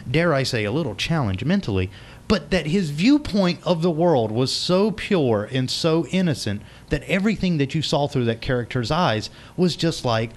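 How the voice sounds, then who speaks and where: A man's voice: on the high side, very animated, moderate pace. A man hosting a casual talk show, enthusiastic and playful as he chats with his guest. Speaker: host. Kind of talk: casual chat.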